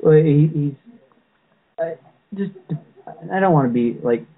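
A man's voice: a little high, lively intonation, measured pace. A man chatting casually as a podcast co-host, rambling with frequent restarts and fillers. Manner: rambling, many restarts and "you know"s. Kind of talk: casual fan chat. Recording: tinny phone-like sound.

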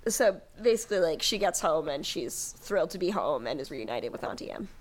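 A woman co-hosting a casual book podcast, joking and acting out characters in quick little voices. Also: low-pitched. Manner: animated, jokey, acts out characters in quick voices. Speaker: podcast co-host. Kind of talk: casual book-discussion chat.

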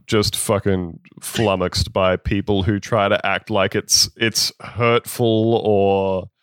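A man's voice: on the low side, level tone, slow, clear, resonant tone, no room sound. Casting: ranting male podcast host, dry close mic. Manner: swears, rants with exasperation. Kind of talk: casual chat.

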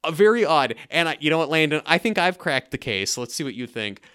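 Man, podcast co-host, casual chat, jokey, smooth resonant voice, animated delivery. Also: on the high side, brisk.

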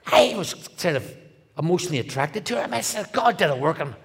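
A middle-aged man with a Northern Irish accent, a guest speaker telling his testimony in a comic, animated way, dropping to a hush and rising loud. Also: on the high side, fast talker, vocal fry, slightly rough. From Northern Ireland. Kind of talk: testimony storytelling.

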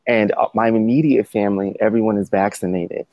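A man's voice: fairly low pitch, fairly even intonation, brisk, mellow, no room sound, poor audio. A man chatting casually, laughing often and rambling with restarts. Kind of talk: casual chat.

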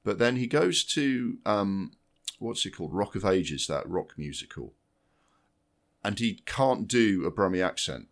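A man with a very low, deep voice co-hosts a film podcast. He talks casually and bluntly, swears freely and often restarts his sentences. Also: expressive, a little slow. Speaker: podcast co-host.

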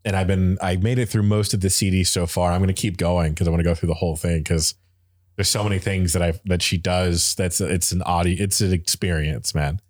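Very low-voiced man in rambling music chat. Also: steady tone, a little fast, darkish tone. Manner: rambling and enthusiastic, many fillers and restarts.

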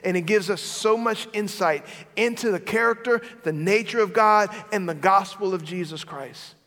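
A man preaching a sermon as a pastor, swinging between loud declarations and hushed, intimate moments. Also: high voice, moderate pace, in a large hall.

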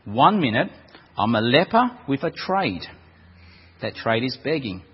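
A man's voice: medium pitch, big pitch swings, measured pace, husky, heavily acted. A man voicing a cheeky male ex-leper beggar who complains about losing his trade, wheedling and aggrieved. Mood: grumbling. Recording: dull echoey hall recording.

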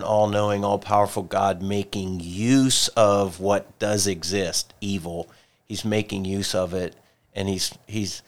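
A man co-hosting a church discussion podcast, retelling a story in a thoughtful way and circling back to repeated questions. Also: fairly low pitch. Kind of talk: reflective faith discussion.

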